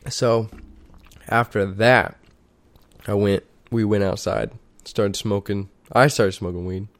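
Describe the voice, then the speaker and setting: A man's voice: fairly low pitch, fairly even intonation, slow pace, dry recording. A young man telling a story in a casual, rambling way, swearing often and restarting his sentences.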